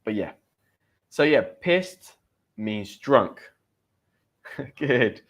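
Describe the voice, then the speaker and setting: A man's voice: mid-range voice, animated, very slow. A man with a British accent teaching English slang in a live stream, chatting with viewers and reading out their comments.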